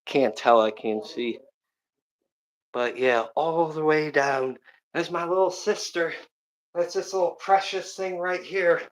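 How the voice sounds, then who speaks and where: A man live-streaming a home workout, counting reps aloud and telling animated family stories in casual chat. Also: a little high, takes it slowly. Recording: roomy echo.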